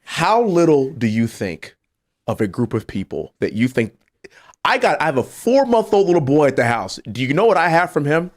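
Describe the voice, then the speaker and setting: A congressman speaking as a podcast guest, earnest and emphatic, telling stories from his own family. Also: moderate pace. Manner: lively, swings between low serious tones and high exclaiming. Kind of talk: casual podcast conversation.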